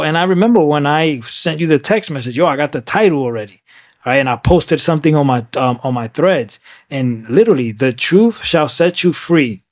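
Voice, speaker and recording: This man's voice is fairly high-pitched with a darkish tone, recorded as clean studio sound with no room sound. Chatting on a podcast, he talks emphatically, often asks "right?", and switches into Spanish at times.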